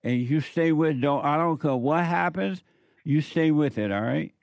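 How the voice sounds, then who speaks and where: A man hosts a call-in show. His voice sits a bit high for a man and he lectures emphatically, repeating his points. The sound is dry and close. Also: normal speed, gravelly, dry recording. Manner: preachy, emphatic, repeats phrases. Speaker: radio talk show host. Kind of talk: call-in radio talk.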